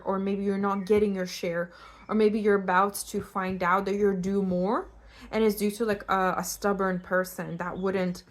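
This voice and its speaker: A young woman from Eastern Europe giving a casual pick-a-card tarot reading, chatty and animated and prone to tangents. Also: mid-range voice. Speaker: tarot reader.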